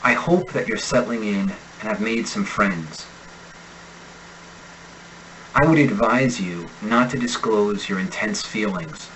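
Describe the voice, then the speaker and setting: A man's voice: on the low side, a bit bright, a little hiss or hum, poor audio. American man reading pronunciation drills. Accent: General American. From United States. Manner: slow, deliberate enunciation of sample words. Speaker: accent instructor. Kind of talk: reading example sentences in a pronunciation lesson.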